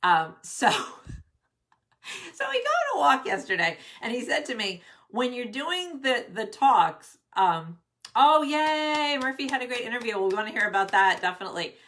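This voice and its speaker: Woman, middle-aged, career coach, chatty and bubbly, webcam live stream, bright tone. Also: on the high side, sing-song, measured pace. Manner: bubbly and chatty, greets viewers by name. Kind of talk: casual live-stream talk. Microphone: webcam at desk.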